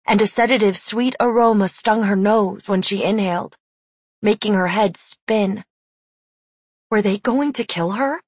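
Woman doing audiobook narration, slow and quiet and careful, super dry close mic. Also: mid-range voice, breathy edge, dry recording. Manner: measured, hushed and deliberate. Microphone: close studio mic.

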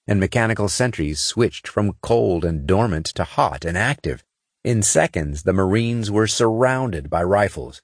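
A man reads a science fiction audiobook in a measured way. His voice is very deep and husky, with lively rises and falls, and the sound is dry and close. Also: dry recording. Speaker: audiobook narrator. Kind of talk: scripted narration.

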